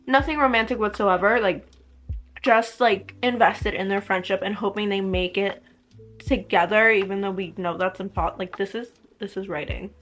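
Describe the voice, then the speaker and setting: A woman's voice: mid-range voice, fairly even intonation, moderate pace, fairly bright tone, soft background music. A young woman vlogging about a book, reading passages aloud and reacting with strong emotion between them.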